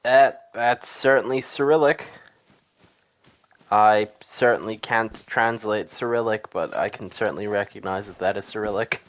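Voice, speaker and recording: Man, game streamer, low voice, exhausted, mumbly, swearing, jokey mock Russian accent. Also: moderate pace. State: tired, exhausted. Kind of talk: casual gameplay commentary.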